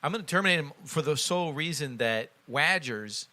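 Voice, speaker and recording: A man's voice: a little high, lively intonation, fast, pushed and bright. A man with a Midwestern accent, co-hosting a podcast and earnestly laying out his sports picks point by point in casual chat. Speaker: podcast co-host.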